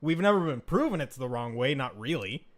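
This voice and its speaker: A man co-hosting a casual anime discussion, animated and swearing freely, sometimes shouting when excited. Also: medium pitch, brisk. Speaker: co-host.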